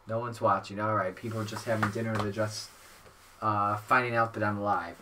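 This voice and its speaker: A man hosting and calling a simulated car race on a headset, excitable play-by-play that rises to near-shouts during the action. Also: on the low side, normal speed, a little hiss or hum. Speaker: race commentator and host. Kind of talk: sim racing play-by-play commentary.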